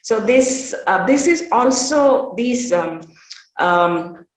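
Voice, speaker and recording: A woman giving an academic workshop presentation at a conference. She speaks in a measured way, often pausing on "uh" and "um". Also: a little high, animated. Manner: measured, with frequent "uh" pauses. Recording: roomy echo.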